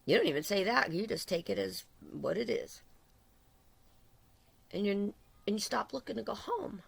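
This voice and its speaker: A woman's voice: mid-range voice, expressive, normal speed, gravelly, breathy edge. A middle-aged woman preaching an impassioned religious sermon, urgent and repetitive, building in intensity.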